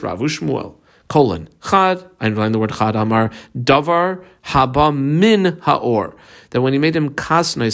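A man teaching a Talmud class, reading each Hebrew or Aramaic phrase aloud and then explaining it in English. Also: medium pitch. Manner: guides students through marking the text.

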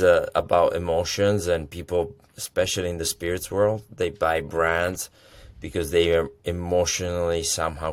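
A man speaking as a guest in a casual interview, jovial and a little halting. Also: sits low. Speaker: spirits industry guest.

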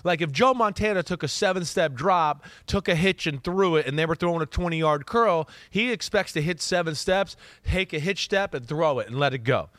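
A man co-hosts a casual football talk show as a podcast host and analyst, an animated storyteller who quotes players in his own voice and sprinkles in lots of "right?" asides. His pitch is fairly high and his speed normal, with hardly any pauses and no echo.

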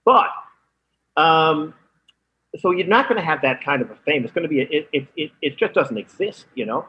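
A man from Canada, a comedian calling in as a guest, telling anecdotes in an animated way, laughing and slipping into voices. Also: a little high, moderate pace. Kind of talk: anecdotal storytelling. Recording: lo-fi phone-in line.

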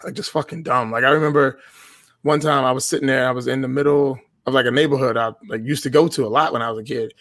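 A man's voice: mid-range voice, steady tone, quick pace, a bit bright, no room sound. A young man telling a story on a podcast in a casual, blunt and profane way. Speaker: podcast guest.

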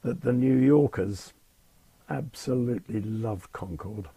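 Wry older man, husky. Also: mid-range voice, a little slow, mellow, no room sound. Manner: wry, understated, dryly amused. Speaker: retired airline captain telling stories. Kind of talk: anecdotal interview storytelling.

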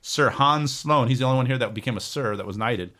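A man's voice: medium pitch, quick pace, bright, forceful tone. A man co-hosting a podcast, reading through a list of facts in a casual, joking way. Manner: reads a list with jokes and stumbles. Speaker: podcast co-host, researcher.

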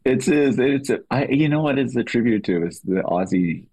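A man's voice: lively intonation, moderate pace, warm tone, breathy edge, no room sound, poor audio. A middle-aged man from Canada, a guest telling stories in a casual interview and acting out quotes. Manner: joking storyteller, acts out quotes with a jump in pitch.

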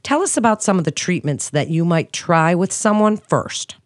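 A woman's voice: on the low side, expressive, normal speed, no room sound, clean studio sound. A woman interviewer who talks in a conversational way as she asks questions.

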